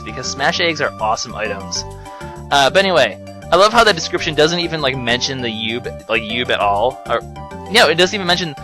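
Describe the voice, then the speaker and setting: A young man giving casual, sarcastic commentary over a video game playthrough. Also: mid-range voice. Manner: sarcastic, mocking, joking asides. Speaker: let's play commentator. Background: game music.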